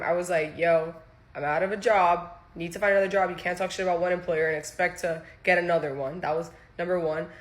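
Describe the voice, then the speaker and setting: Young woman, storytime vlogger; animated, profane, restarts sentences mid-thought. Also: fairly low pitch. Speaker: former social media content creator. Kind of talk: casual storytime monologue.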